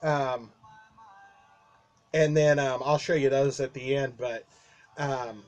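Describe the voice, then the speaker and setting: A man's voice: mid-range voice, fairly even intonation, slow pace, a little mellow, soft background music. A man telling a long personal story to his vlog camera in a casual, rambling way, with lots of fillers, restarts and chuckles. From Midwestern United States. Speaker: vlogger.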